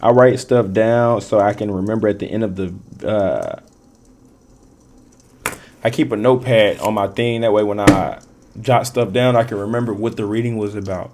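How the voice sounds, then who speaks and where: A man's voice: fairly low pitch, normal speed, darkish tone. A man giving a casual tarot reading, rambling and repeating himself, in loose, profane street slang with frequent laughs. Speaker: tarot reader.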